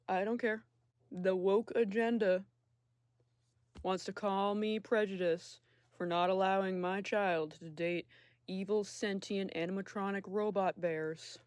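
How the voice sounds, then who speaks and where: A man's voice: high-pitched, fairly even intonation, normal speed, clean tone, no room sound. Sarcastic man ranking characters, dry sound. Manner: sarcastic, profane, jumps between loud outbursts and muttering. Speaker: video creator. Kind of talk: casual tier-list commentary.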